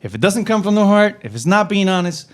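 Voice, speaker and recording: Lively-voiced man explaining. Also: high voice, fast. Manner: earnest, explains step by step, swears casually. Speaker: podcast host, server. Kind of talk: casual podcast chat.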